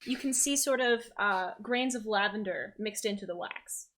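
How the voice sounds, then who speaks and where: A woman's voice: medium pitch, moderate pace, a bit bright. A woman narrating as game master of a tabletop game, casual and loose, with frequent fillers.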